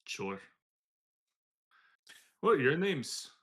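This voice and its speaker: A man's voice: on the high side, big pitch swings, drawn-out words, bright, forceful tone, slight background noise, voice pushed up, exaggerated voice. A man voicing a squat, offhand male bartender with a Scottish accent that slips toward Irish. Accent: Scottish, slipping toward Irish.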